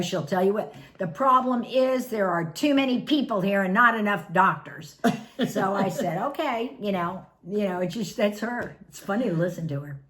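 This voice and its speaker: A woman's voice: medium pitch, fairly bright tone. A middle-aged woman caring for her mother, telling stories in a casual vlog and laughing often. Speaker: family caregiver.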